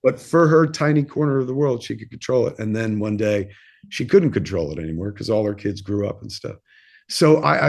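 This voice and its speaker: Man in his fifties, podcast guest, casual storytelling, candid, rambling, swears a lot, middle-pitched voice. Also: gravelly. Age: 50s. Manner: candid and rambling, swears freely, lots of fillers.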